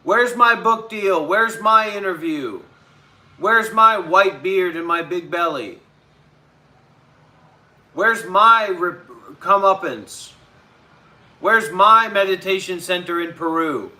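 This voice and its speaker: A man's voice: high voice, takes it slowly, pauses often, sharp tone. A man hosting his own live stream, ranting and combative toward his chat.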